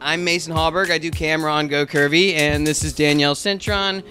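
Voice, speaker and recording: Joking young man, bright-toned. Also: a little high, steady tone, a little fast, soft background music. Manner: loose, joking, stumbles over names. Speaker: improv performer and camera operator. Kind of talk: casual backstage chat.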